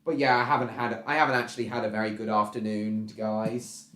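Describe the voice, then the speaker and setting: A man hosting a casual live stream, reading out viewer comments and answering them in a halting way, with lots of ums and repeated phrases. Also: on the low side, little pitch movement, a bit bright. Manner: repetitive, halting, restarts phrases, many ums. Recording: roomy echo.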